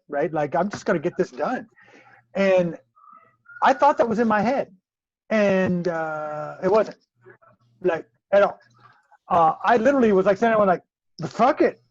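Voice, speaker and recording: High-pitched guy telling stories, swears a lot, dull dry sound. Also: no room sound. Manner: animated storyteller, swears freely. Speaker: co-host fighter. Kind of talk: casual chat.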